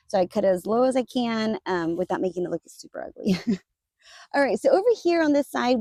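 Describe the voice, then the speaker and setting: A woman's voice: fairly high pitch, a little mellow, no echo, studio quality. A woman casually touring her garden for viewers, chatty and upbeat, often calling out to "you guys" and laughing as she talks. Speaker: garden vlogger. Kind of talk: casual garden tour vlog. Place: outdoors in a garden.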